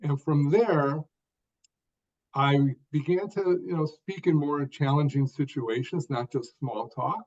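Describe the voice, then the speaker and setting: An older man, a podcast guest, telling his story in short deliberate phrases, stressing key words, with some repeated words. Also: on the high side, darkish tone, highs cut off. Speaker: guest author.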